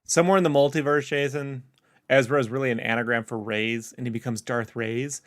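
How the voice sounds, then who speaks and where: A man's voice: mid-range voice, fairly even intonation, brisk. A man co-hosting a casual fan podcast, trading jokes and laughing at his own gags. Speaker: podcast co-host.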